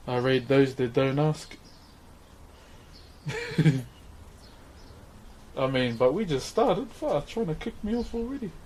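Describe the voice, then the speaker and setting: Relaxed New Zealand man streaming as he carves, slangy and easygoing, slow delivery, light noise behind. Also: fairly high pitch. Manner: laid-back, laughs often, slangy. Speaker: streamer and woodcarver. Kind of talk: casual live-stream chat while carving.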